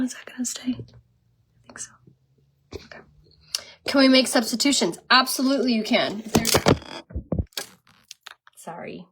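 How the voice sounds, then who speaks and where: Chatty woman selling makeup on a live stream. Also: fairly high pitch. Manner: chatty and animated, laughs often, says "like" a lot. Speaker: makeup seller and vlogger. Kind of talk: casual livestream chat while doing makeup.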